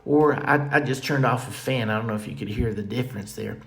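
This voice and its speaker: The man's voice is medium-pitched and creaky, and he speaks fairly quickly. He's hosting a podcast from a room at home with a fan, rambling late at night in a folksy, tongue-in-cheek manner that strays from the topic.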